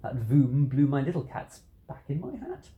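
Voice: medium pitch, very animated, moderate pace, roomy sound, phone-quality sound, natural voice. A reader doing a boastful cat in a hat. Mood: cheerful. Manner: singsong rhyming delivery. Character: tall boastful cat in a hat, cheerful trickster.

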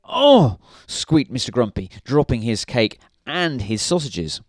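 A man's voice: mid-range voice, lively intonation, measured pace, dry recording, studio quality. A man reading a children's story aloud in a playful way, now and then asking the listener questions.

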